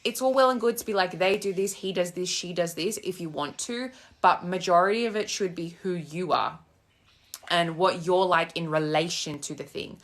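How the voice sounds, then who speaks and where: A woman's voice: fairly low pitch, normal speed. A young woman coaching manifestation in a casual live chat, sassy and blunt, swearing freely as she walks outdoors with her phone in hand. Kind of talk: casual live-stream chat answering comments. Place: outdoors on a walk. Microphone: phone held in hand.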